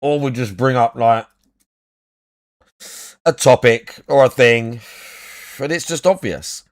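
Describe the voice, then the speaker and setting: A man's voice: medium pitch, slow, dry recording. A young adult man chatting casually as a podcast co-host, blunt and sweary, repeating his points. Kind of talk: casual chat.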